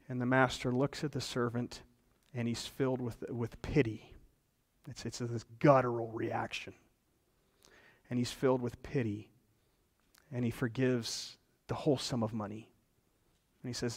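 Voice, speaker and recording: A man's voice: medium pitch, normal speed. Man preaching in a reverberant hall. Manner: earnest, emphatic preaching. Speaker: pastor. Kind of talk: sermon.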